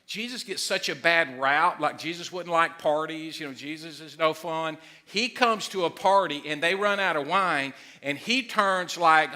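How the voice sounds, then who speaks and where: Man, middle-aged pastor, sermon, high pitch, bright tone, emphatic. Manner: excitable, emphatic, loud at times.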